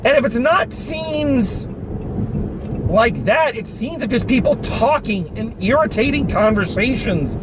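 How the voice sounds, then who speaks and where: A man giving a casual, animated review of a film, talking with exasperation and some swearing, recorded in a car. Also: extremely high pitch, unhurried. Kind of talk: casual spoken movie review. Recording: noisy car interior.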